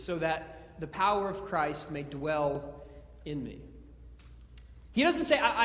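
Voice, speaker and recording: High-voiced preacher in an echoey church. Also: male voice, a bit bright. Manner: conversational, joking preaching with stumbles and repeats. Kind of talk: sermon. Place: church sanctuary.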